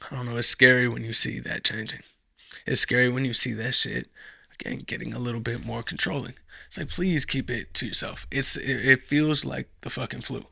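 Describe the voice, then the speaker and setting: Guy rambling on a podcast, gravelly edge, swears a lot, dry close mic. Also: mid-range voice, steady tone, brisk, pushed and bright, no room sound. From United States. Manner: rambling, profane, full of fillers and restarts. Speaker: podcast host. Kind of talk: casual rambling chat.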